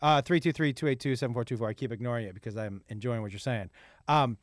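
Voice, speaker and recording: A middle-aged man, a comedian, telling crude family stories in quick, animated casual chat. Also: medium pitch, no room sound. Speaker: comedian and podcast host.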